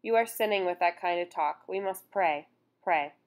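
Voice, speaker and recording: A woman's voice: lowish voice, moderate pace, lightly acted. A woman voicing a bitter, anguished mother who has lost her children, in an audiobook. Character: grieving mother questioning God.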